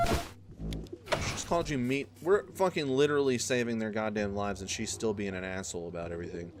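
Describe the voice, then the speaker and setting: A man's voice: lowish voice, a little fast, very noisy. A man commenting on a playthrough in a profane, joking way as the gaming host. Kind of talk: let's play commentary.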